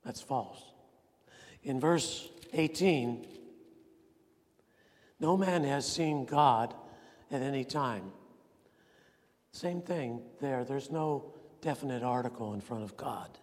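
A man preaching a sermon with earnest emphasis, swinging between ringing points and quiet, intense asides. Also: mid-range voice, slow, long pauses. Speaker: pastor. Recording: long reverb of a large hall.

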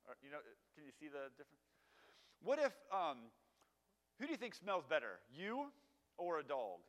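A man's voice: a little high, wildly swooping pitch, moderate pace, fairly bright tone. A man giving a casual sermon, conversational and full of fillers, asking his audience questions. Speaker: preacher. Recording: long hall reverb.

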